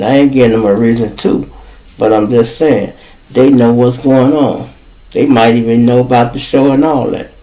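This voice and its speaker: A man's voice: medium pitch, low-quality recording. A man with a Chicago accent hosting his own show, telling rambling, profane stories in a casual monologue. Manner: profane, rambling, animated storyteller. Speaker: podcast host.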